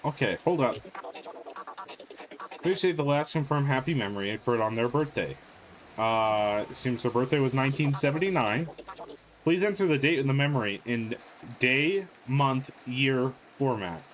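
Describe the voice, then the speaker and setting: A man's voice: medium pitch, animated, moderate pace, slight background noise. A man playing a horror game, reading its on-screen text aloud and reacting with sudden startled outbursts. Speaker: gaming video creator. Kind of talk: let's play commentary.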